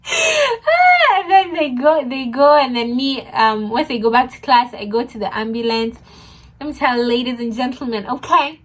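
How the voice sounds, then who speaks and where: A young woman telling a funny story, animated, laughing often and mixing in Swahili words. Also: fairly high pitch, moderate pace. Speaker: vlogger. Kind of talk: casual storytime.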